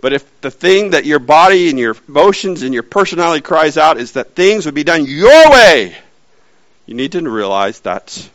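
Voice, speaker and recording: A man preaching a sermon in an animated way, swinging from loud lines to hushed, whispered ones. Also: on the high side, dry recording, rough recording.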